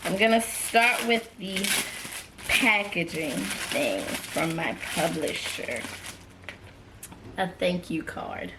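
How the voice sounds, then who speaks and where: A young woman who writes books and makes YouTube videos unboxes something in an excited vlog, chatting casually with lots of slang. She's emotional, laughing and gasping between exclamations. Her voice is lowish and expressive, slow with long pauses, over a noisy background.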